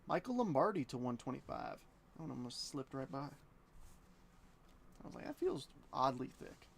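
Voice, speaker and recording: A man's voice: medium pitch, sing-song, normal speed, vocal fry, slight background noise. A man hosting a live card-break stream from his basement, rattling off player names between jokey asides.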